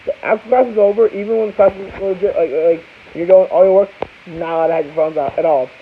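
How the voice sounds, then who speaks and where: High-voiced young man rambling through a story. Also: fast talker. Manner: rambling, with many restarts and asides. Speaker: vlogger. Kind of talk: casual storytelling. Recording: tinny phone-like audio with faint hiss.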